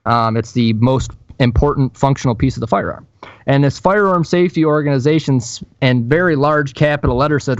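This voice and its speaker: A man co-hosting a podcast, telling a profane, animated story in casual chat. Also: mid-range voice, brisk, no room sound, dull audio. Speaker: podcast co-host.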